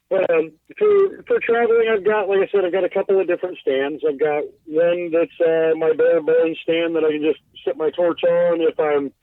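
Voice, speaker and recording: A man speaks casually from inside his bus, loose and self-deprecating, swearing freely and stumbling through filler words. His voice sits on the higher side. The sound is thin and phone-like, dry with no room around it. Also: no room sound. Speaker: guest glassblower. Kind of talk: casual podcast interview. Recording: tinny phone line.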